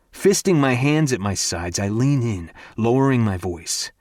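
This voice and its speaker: A man's voice: mid-range voice, expressive, unhurried, few pauses, a little mellow, no echo, clean studio sound. A young man narrating a first-person romance audiobook in an intense, candid manner.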